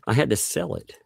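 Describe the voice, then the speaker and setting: A man's voice: dry recording, studio quality. A man hosting a casual livestream chat, joking and laughing often, trailing off mid-sentence. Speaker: livestream host.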